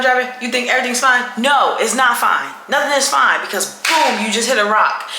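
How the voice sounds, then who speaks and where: A woman vlogger recounts her day in a lively, chatty way with a bright voice. The room is echoey and there is a faint hum behind her. She sits somewhat high in pitch. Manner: animated, chatty, with dramatic retelling. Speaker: travel vlogger. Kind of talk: casual storytelling to camera. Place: indoors at night during her night routine.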